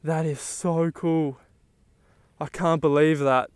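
A young man talking outdoors on the water while fishing, exclaiming excitedly to the camera. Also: on the high side, measured pace, long pauses, smooth, no echo. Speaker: fishing vlogger.

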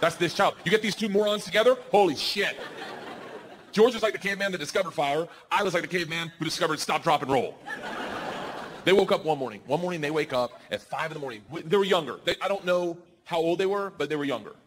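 A man in his forties doing a stand-up comedy set, telling stories loudly and jumping into the voices of his kids and friends. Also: on the high side, fast, a little hiss or hum. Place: comedy stage with a live audience. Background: audience laughter.

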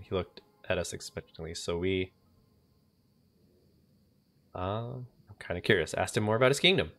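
A man's voice: low-pitched, fairly quick, a bit bright, faint music behind. A man streaming a game, reading its story aloud with casual asides.

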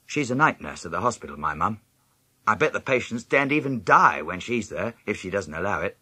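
Guy reading a kids' book out loud, pitch bouncing all over, bright and a bit breathy, dry close sound. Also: normal speed, no room sound. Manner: lively storytelling, jumping high in pitch for other characters' lines. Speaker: audiobook narrator. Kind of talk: scripted first-person narration of a children's novel.

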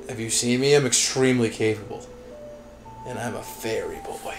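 A man's voice: mid-range voice, fairly even intonation, moderate pace, soft background music. A young man giving sarcastic, exasperated commentary while playing a video game. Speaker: let's play host. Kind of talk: gameplay commentary.

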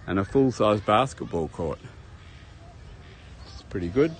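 A travel vlogger rambles through a casual walking tour of a beach park, calling his viewers "folks" as he chats. His fairly low voice has lively intonation and an unhurried pace, recorded on a handheld camera while walking, with slight background noise.

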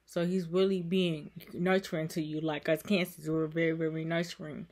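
A woman vlogger with a gravelly, fry-laden voice talks to her viewers in a heartfelt, comforting way. She repeats herself often and keeps her delivery emotional and soothing throughout. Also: sits low, little pitch movement, normal speed, few pauses, darkish tone. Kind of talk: heartfelt encouraging vlog talk.

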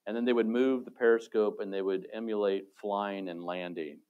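Deep-voiced man, relaxed storyteller. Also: normal speed, clean tone, phone-quality sound. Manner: relaxed, storytelling, self-amused asides. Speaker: retired space robotics engineer, guest. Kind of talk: casual panel talk.

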